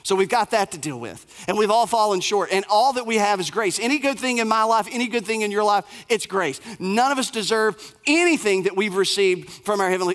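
A man's voice: sits high, brisk, hardly any pauses, fairly bright tone. A male pastor preaching a sermon in a conversational way, asking the audience questions and acting out quotes.

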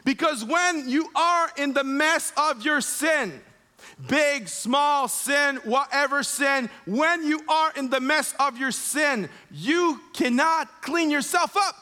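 Slow, high-voiced preaching man. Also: sharp tone. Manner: emphatic, slow preaching with dramatic retold scenes. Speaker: pastor. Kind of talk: sermon.

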